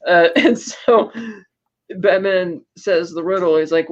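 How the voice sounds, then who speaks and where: A woman's voice: lowish voice, slow pace. A woman co-hosting a podcast, recapping a film in a rambling, chatty way with lots of fillers and small laughs. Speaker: podcast co-host. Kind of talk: casual film recap chat. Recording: dull lo-fi podcast audio.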